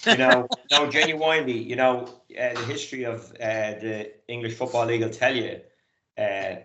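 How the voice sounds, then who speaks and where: A man's voice: mid-range voice, steady tone, moderate pace, bright, forceful tone, a little hiss or hum. A man in his fifties, a guest in a casual chat, earnest and rambling with many fillers. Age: 50s. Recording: roomy lo-fi sound.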